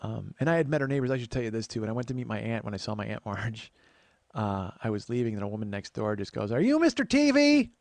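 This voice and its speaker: A man's voice: on the low side, fairly even intonation, quick pace, creaky, a little mellow. A man in his forties telling stories in a casual podcast monologue. He chats freely, swears offhandedly and acts out the people he quotes. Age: 40s. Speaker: podcast host.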